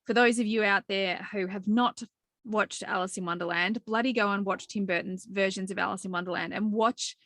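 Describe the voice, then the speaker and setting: Excited woman podcast host, dry sound. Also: medium pitch, fairly quick, dry recording. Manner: enthusiastic, swears casually. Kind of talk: excited spiritual podcast chat.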